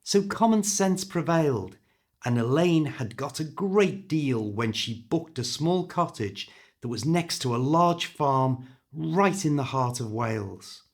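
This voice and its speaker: A man with a British accent reading a story aloud for English learners, clear and expressive. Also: fairly high pitch, measured pace. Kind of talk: scripted story narration.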